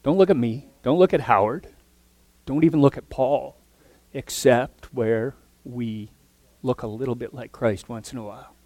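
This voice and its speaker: Man preaching, earnest, sudden loud stresses and hushed asides, middle pitch, dry close sound. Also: moderate pace, dry recording. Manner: earnest, swings from loud emphasis to soft near-whispers. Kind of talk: sermon.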